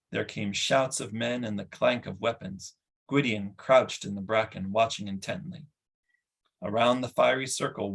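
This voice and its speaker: A man reading a fantasy novel aloud in an even, steady way. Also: lowish voice, breathy edge. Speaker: audiobook reader.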